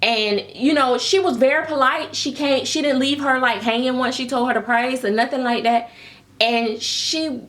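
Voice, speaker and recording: Here a high-pitched woman talks at normal speed: she's a reborn doll vlogger ranting casually and chattily. Laughter runs through her animated stories, and she addresses listeners with pet names such as "baby."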